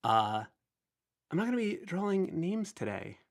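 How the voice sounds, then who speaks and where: A man's voice: sits high, sing-song, unhurried. A man in his thirties with a slightly nasal voice, hosting a casual live stream, chatty and rambling as he greets viewers. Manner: chatty, rambling, self-deprecating. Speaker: livestream host.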